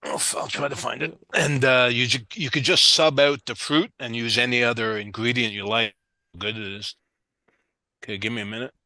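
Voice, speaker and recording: A man's voice: medium pitch, fairly even intonation, moderate pace, sharp tone, no room sound. A man from the United States chatting casually on a stream, helpful and easygoing. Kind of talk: casual online chat.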